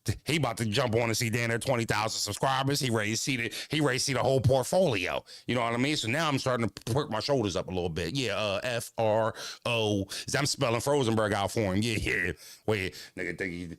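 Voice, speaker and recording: A man's voice: fairly low pitch, fast, fairly bright tone, dry recording. Slangy man telling a story, dry sound. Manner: slangy, profane, rambling. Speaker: YouTuber and battle rapper. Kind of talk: casual storytelling vlog.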